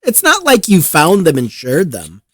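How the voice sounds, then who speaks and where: A male podcast host venting about the news in an exasperated, profane rant. His pitch swings widely, and the recording is dry and close with no room sound. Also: huge pitch swings, a little slow, a bit bright, dry recording. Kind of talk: casual news commentary.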